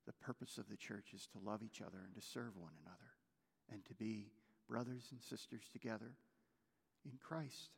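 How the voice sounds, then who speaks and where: A man preaching a sermon as pastor, moving between loud urgent stretches and hushed, almost whispered lines. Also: on the low side, fairly even intonation, normal speed, gravelly, slightly rough, big-room sound.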